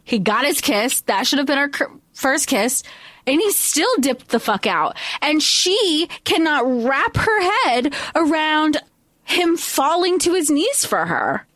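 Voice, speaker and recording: A woman co-hosting a podcast, chatting casually and wryly about a movie, quick to laugh. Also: sits high, sing-song, a bit bright, no echo. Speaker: podcast co-host. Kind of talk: casual movie recap chat.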